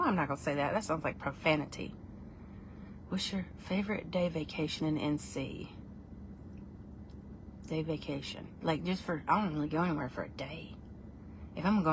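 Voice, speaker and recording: A woman's voice: deep voice, background noise. A woman chatting casually with her viewers during a livestream, rambling and poking fun at herself. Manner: chatty, rambling and self-deprecating. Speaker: livestream vlogger. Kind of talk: casual live chat with viewers.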